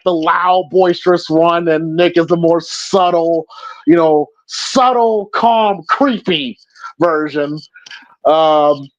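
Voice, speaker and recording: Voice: medium pitch, no echo. A podcast host reviewing a film in casual chat, laughing often and acting out lines from the movie. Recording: dull, dry lo-fi sound.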